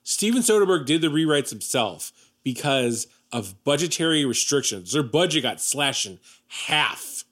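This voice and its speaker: A man's voice: fairly high pitch, animated, normal speed, a bit bright. Wry, teasing man on a podcast. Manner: wry, teasing, swears casually. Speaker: podcast co-host. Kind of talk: casual movie chat.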